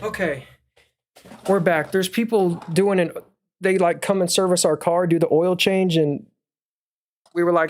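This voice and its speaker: A man's voice: high-pitched, measured pace, pauses often, dry recording, clean studio sound. A young man chatting casually on a livestream at home, rambling and thinking aloud as he reads viewers' chat. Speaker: livestream stock analyst.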